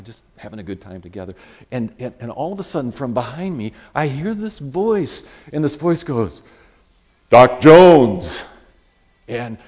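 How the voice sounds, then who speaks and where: A man preaching a sermon, conversational and animated, telling a personal story and acting out quoted voices. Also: medium pitch.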